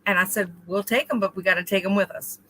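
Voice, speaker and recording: A woman co-hosting a casual chat between friends, telling animated stories and addressing listeners casually. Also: mid-range voice, fast, slight background noise, low-quality recording. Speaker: co-host.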